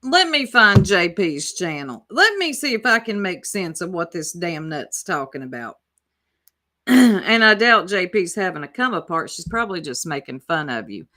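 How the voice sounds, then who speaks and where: A woman's voice: on the low side, very animated, normal speed, sharp tone. A woman hosting casual reaction commentary, sarcastic and profane, talking back to the clips she plays. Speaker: YouTube commentator.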